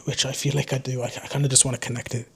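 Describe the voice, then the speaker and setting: A man's voice: mid-range voice, flat delivery, racing, creaky, fairly bright tone, husky. A young man from the North East of England, with a Geordie accent that drifts toward southern English, chats unscripted to camera as a drone vlogger, rambling and poking fun at himself. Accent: Geordie mixed with southern English. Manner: rambling, loose, self-mocking. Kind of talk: casual unscripted chat to camera.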